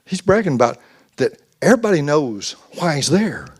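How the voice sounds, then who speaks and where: A man's voice: fairly high pitch, big pitch swings, moderate pace, husky. A man giving a folksy, conversational youth sermon, acting out quotes as he goes. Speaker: youth pastor.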